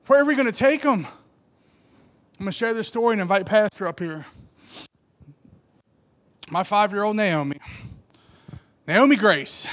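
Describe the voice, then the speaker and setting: A man in his thirties giving an animated sermon testimony, building from quiet storytelling to loud emphatic peaks. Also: high-pitched. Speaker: church speaker.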